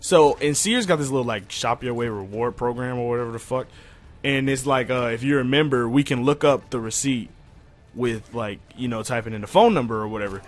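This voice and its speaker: A young man venting to his viewers in a profane, exasperated rant, going quiet when he calms down. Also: fairly quick. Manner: profane, exasperated, jumping pitch when heated. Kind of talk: casual rant to camera.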